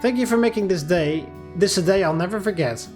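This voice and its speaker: Sweet, gentle teen girl, read by a man for a game playthrough. Higher pitch, faint music bed. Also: fairly quick, close to an everyday voice. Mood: affectionate. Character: cheerful sleepy teenage girl, gentle.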